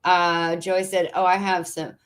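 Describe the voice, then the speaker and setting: Casting: Pennsylvania woman, livestream host, lower voice, unhurried, exasperated chatty rants. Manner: animated, exasperated ranting with frequent laughs. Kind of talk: casual chat reading viewer comments.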